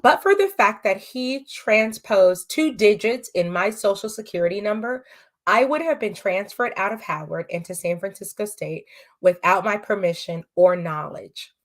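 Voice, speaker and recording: A woman's voice: medium pitch, normal speed. Podcast guest: a woman from California with a mid-range voice, earnest and emotional, recounting her own story. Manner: earnest, emotional, quotes dialogue. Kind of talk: personal storytelling interview. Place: podcast studio.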